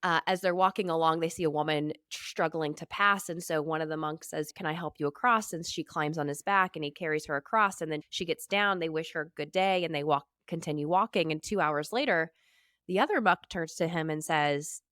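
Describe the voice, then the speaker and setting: A woman's voice: deep voice, fairly quick, a bit bright, dry recording, studio quality. A woman hosting an interview podcast, telling a short parable and asking reflective, probing questions. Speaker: podcast host. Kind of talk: conversational interview.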